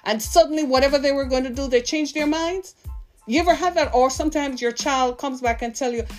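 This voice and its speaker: A woman in her fifties delivers a heartfelt sermon, pressing her listeners with question after question. Her voice sits a little high for a woman. Soft music plays faintly behind her. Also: brisk. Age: 50s. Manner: impassioned, full of rhetorical questions to listeners. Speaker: preacher.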